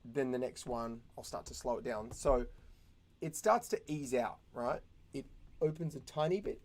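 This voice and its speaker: A young man teaching animation in a casual, chatty way, thinking out loud and making little sound effects as he works. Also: medium pitch, normal speed. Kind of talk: casual screen-recorded tutorial.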